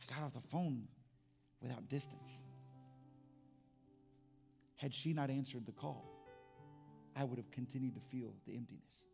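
A man's voice: mid-range voice, measured pace, creaky, pauses often, a little mellow, soft background music. A middle-aged pastor preaching a sermon in a conversational way, often restarting his sentences.

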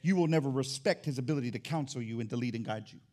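A man's voice: medium pitch, racing, darkish tone. A middle-aged man preaching a sermon in church as pastor, emphatic and repeating his key phrases.

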